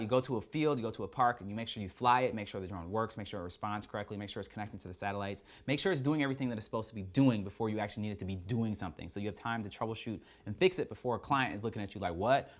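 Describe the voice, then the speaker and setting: A young man hosting a drone channel, telling a story to camera in a casual, animated way and acting out the voices in the exchanges he quotes. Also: fairly low pitch.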